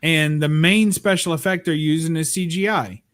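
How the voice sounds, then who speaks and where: A man with a fairly high voice talks in a loose, casual livestream chat. He is blunt and opinionated, swearing freely as he makes his points. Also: normal speed, fairly bright tone. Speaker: livestream co-host.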